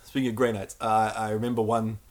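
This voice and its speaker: A man talks at a fast clip in a casual chat. He tells animated stories, swearing freely and laughing often. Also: lowish voice.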